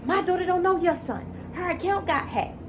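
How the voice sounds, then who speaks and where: A brash, dismissive mother, put on by a woman retelling a phone argument snaps back defensively. The voice sits far above the speaker's usual pitch. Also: animated, normal speed, slight background noise.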